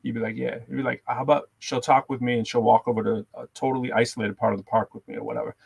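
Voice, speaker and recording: Fast-talking gravelly man, animated storyteller. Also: no echo. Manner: animated storyteller, acts out quotes in high voices. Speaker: co-host. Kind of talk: casual podcast chat.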